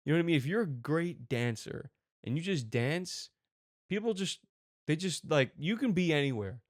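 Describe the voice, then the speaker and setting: A man hosting a comedy reaction show, riffing excitedly on a video clip. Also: a little high, normal speed, no echo, studio quality. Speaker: comedy commentary host. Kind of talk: comic video reaction commentary.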